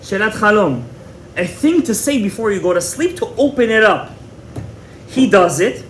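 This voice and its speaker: A man's voice: sits high, sing-song, moderate pace, slight background noise. A man teaching a Torah class as a rabbi, retelling a story dramatically, repeating words and mixing in Hebrew terms. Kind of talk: animated storytelling lecture.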